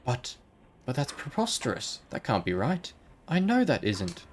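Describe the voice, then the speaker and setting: A man's voice: mid-range voice, huge pitch swings, a little slow, slight background noise. A man voicing a prim late-middle-aged woman librarian who speaks sweetly but sharply and calls people dearie, while reading game dialogue aloud. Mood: upset.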